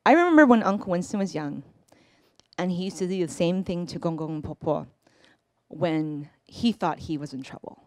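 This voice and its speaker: A woman in her forties telling a personal story on a live storytelling stage, conversational, with pauses and self-corrections. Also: on the low side, animated, a little mellow, no echo, clean studio sound.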